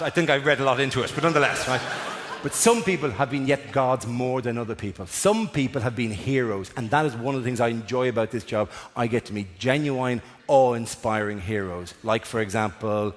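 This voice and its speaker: A man with an Irish accent doing a stand-up comedy routine, telling a story with animated delivery and acting out other people's voices. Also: mid-range voice, brisk. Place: theatre stage before a live audience. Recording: live theatre recording, long hall reverb, faint crowd noise.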